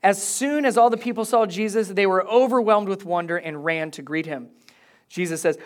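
A man's voice: sits high, expressive, normal speed. A man preaching a sermon in a conversational way, reading scripture aloud and then explaining it. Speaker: pastor.

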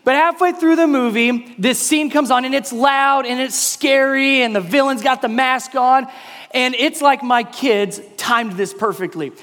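A pastor in his thirties telling a family story as a sermon illustration, acting out his kids' voices in high shouts. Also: a little slow. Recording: long hall reverb.

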